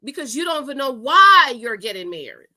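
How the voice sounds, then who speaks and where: A woman's voice: high voice, fairly quick. A married woman hosting a reaction video, talking emphatically in casual commentary and storytelling, laughing often. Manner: emphatic, animated, laughs often, says "okay?" a lot. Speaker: host of a reaction channel.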